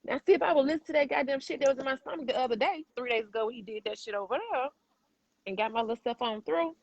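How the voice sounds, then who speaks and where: A woman's voice: high voice, fast, dry recording, highs cut off. Emphatic woman talking straight, calls you baby. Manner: emphatic, preachy, swears freely; addresses listener as baby and boo. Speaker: podcast host. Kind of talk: candid podcast conversation.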